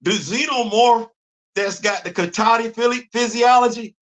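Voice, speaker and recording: A man hosting a live comics talk show, animated and exclaiming, repeating himself as he gets excited. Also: sits high, normal speed. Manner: animated, repetitive, exclaiming, laughing. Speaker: comics podcast host. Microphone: live stream mic.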